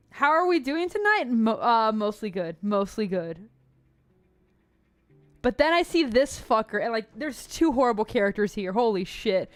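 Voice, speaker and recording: A young woman streaming a game and reading its story aloud, excitable and swearing often. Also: on the high side, unhurried, long pauses, no echo, faint music behind.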